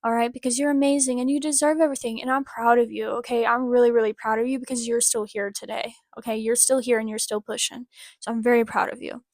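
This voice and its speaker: A woman's voice: fairly high pitch, no echo, studio quality. A woman vlogger giving a casual personal update to her viewers, earnest and encouraging, rambling with lots of "like" fillers.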